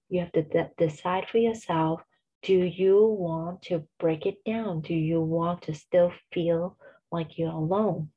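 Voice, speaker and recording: Husky-voiced woman in her forties. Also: lowish voice, warm tone, muffled recording. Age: 40s. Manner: earnest, reassuring, repeats key phrases. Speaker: podcast host and coach. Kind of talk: motivational solo podcast talk.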